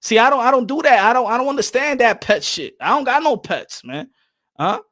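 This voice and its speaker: New guy with a pretty high voice, chatty podcast host, swears a lot and laughs through his stories. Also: a little fast. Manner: animated, profane, laughs often. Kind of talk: casual storytelling chat.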